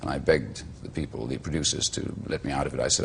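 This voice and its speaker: A middle-aged Welsh man and actor, telling stories in a slow, measured, eloquent way as a talk show guest. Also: rumbling low, creaky, a little hiss or hum. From Wales.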